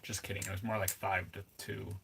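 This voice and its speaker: A man's voice: low voice, level tone, a little fast, creaky, noisy background. A man from Minnesota chatting casually on a livestream, rambling and joking as he reads chat aloud. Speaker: streamer.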